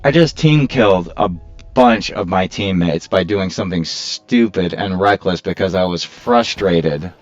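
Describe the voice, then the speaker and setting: A man's voice: fairly low pitch, lo-fi sound. A man giving casual, rambling commentary while he plays, joking at his own expense and prone to complaining. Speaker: gaming video creator.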